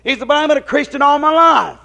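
A male preacher with a strikingly high-pitched voice delivers a rambling, folksy sermon. He keeps asking his listeners whether they understand him and slips into retold conversations. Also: a little fast, creaky, pushed and bright. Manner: folksy, rambling, drops into quoted dialogue; questions the congregation often.

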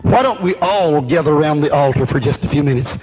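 A man's voice: fairly high pitch, fast, slightly rough, faint music behind. A man preaching a sermon with an emphatic, rhythmic preaching cadence. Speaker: pastor. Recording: dull lo-fi recording.

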